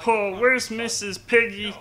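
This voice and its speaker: A man putting on a silly, high-pitched impression of a frog puppet character while commenting on a game. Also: flat delivery, unhurried, pushed and bright. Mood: playful. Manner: silly, testing the voice mid-sentence. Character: Kermit-style frog puppet voice, high and bright.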